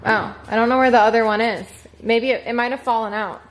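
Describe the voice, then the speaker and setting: A young woman vlogging casually to camera, chatty and a bit rushed, with lots of fillers. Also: a little high, steady tone, soft background music. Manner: hushed and quiet. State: sniffly with allergies. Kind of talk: casual vlog chat to camera.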